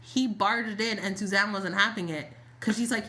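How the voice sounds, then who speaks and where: A woman co-hosting a casual soap opera podcast, animated, acting out quotes and saying "like" a lot. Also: on the high side, brisk, hardly any pauses. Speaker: podcast co-host.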